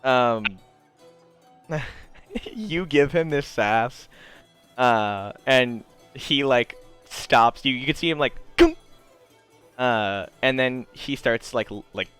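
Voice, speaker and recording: Smooth-voiced male game master. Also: medium pitch, slow pace, faint music behind. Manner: relaxed, many fillers, chuckling. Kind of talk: narrating a tabletop game.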